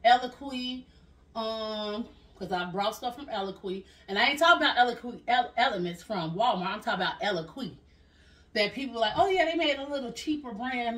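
A woman vlogger chatting casually through a clothing haul, animated and laughing often. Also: mid-range voice, far from the mic.

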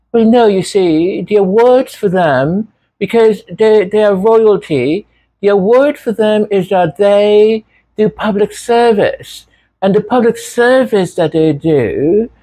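A man's voice: high-pitched, mellow, no room sound, pitched above the performer's own voice, poor audio. A man mimicking a stammering prim woman pundit. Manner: halting, stuttering, prim. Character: stammering self-important woman TV panelist.

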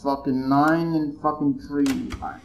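A man's voice: on the high side, level tone, a little slow, reverberant, slight background noise, rough recording. A man commentating his own horror gameplay, jumpy and muttering curses to himself. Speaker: gamer playing a horror game.

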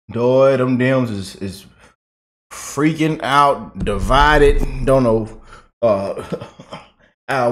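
A man giving casual political reaction commentary, chatty and loose, laughing often and repeating himself. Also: medium pitch.

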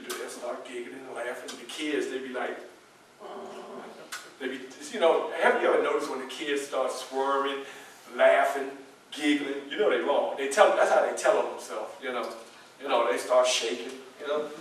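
This reenactor's medium-pitched voice is close to an everyday one, and he speaks fairly quickly. Portraying a dignified 19th-century abolitionist in the first person, he earnestly and animatedly tells his story straight to a live audience in a library event room. Captured from far off in an echoey room, the audio has slight background noise.

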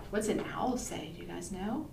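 A woman's voice: medium pitch, lively intonation, normal speed, creaky, background noise. A woman librarian reading a picture book aloud for toddlers, sing-song and coaxing the children to join in. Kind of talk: toddler storytime read-aloud. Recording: roomy, distant mic, faint ambience.

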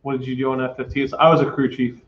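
A man's voice: mid-range voice, level tone, quick pace, slight background noise. A man co-hosting a casual livestream chat, easygoing and laid-back. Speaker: co-host. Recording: roomy, slightly dull audio.

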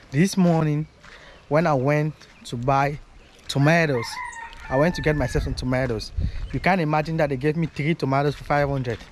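A man talking casually to his camera while walking outdoors, rambling and repeating himself as he vlogs. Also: a little high. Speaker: vlogger. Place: outdoors on a street. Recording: noisy outdoor street recording.

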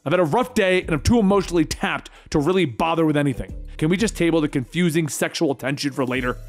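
A man voicing a brash, sarcastic male mercenary antihero in a comic book story, with whiny, loud outbursts. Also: on the high side, fast talker, faint music behind, close to an everyday voice. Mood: whiny mocking.

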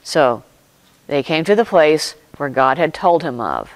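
A pastor preaching a sermon, retelling a scripture story in slow, deliberate short phrases with pauses and reflecting aloud. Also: mid-range voice, animated, no room sound, rough recording.

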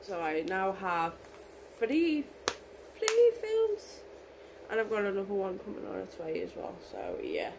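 A woman with a hoarse voice, gushing excitedly and emotionally in a casual unboxing vlog. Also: medium pitch, fairly quick, hardly any pauses, noisy background. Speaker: vlogger.

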